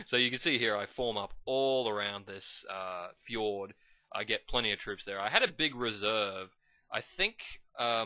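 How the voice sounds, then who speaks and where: A man's voice: on the low side, dry recording. A man casually commentating his own strategy game match, rambling and correcting himself as he goes. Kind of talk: let's play commentary. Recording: dull lo-fi recording.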